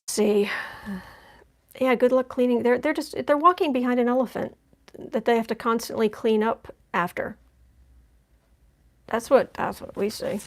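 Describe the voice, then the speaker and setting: A woman's voice: on the high side, moderate pace. A woman giving a chatty live-stream tarot reading, making wry asides as she lays out cards. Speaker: tarot reader.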